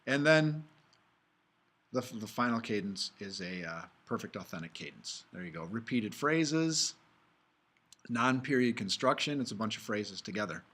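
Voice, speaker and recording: A man's voice: lowish voice, animated, moderate pace, a bit bright, husky. Casual male music theory lecturer. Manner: casual, talks through slides, hums and sings examples. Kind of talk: recorded video lecture.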